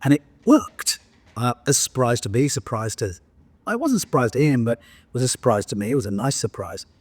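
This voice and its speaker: An English man in his sixties, his accent softened by years in Australia, recounts his career with frequent "right?" asides and restarts. His voice sits at a middle pitch, recorded dry and close. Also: big pitch swings, a little fast, breathy edge, no echo. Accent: English with some Australian. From England. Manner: anecdotal, self-interrupting, frequent "right?" asides. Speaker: guest, professional speaker. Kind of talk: conversational interview storytelling.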